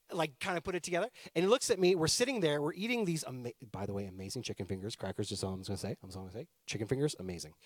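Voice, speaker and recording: A man's voice: high voice, fairly bright tone, dry recording, studio quality. A man in his thirties preaching a sermon, telling personal stories in a conversational, playful way with joking asides. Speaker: pastor.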